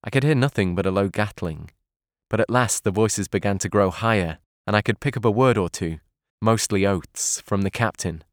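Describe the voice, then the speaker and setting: Deep-voiced male audiobook narrator. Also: no echo, studio quality. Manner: calm, measured reading.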